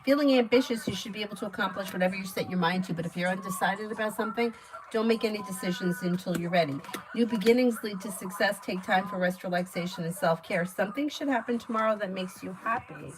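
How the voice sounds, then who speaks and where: A woman gives live tarot readings in a chatty, easygoing way and laughs often. She rattles off card meanings in quick bursts. Steady background noise runs under her voice. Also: mid-range voice. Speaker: tarot reader.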